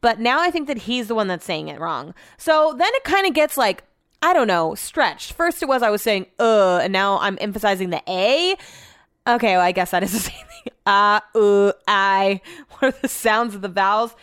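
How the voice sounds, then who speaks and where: A woman's voice: medium pitch, sing-song, brisk, a bit bright, dry recording, clean studio sound. A woman hosting a casual solo podcast, chatty and exasperated, swearing freely. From America. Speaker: podcast host. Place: small room at home.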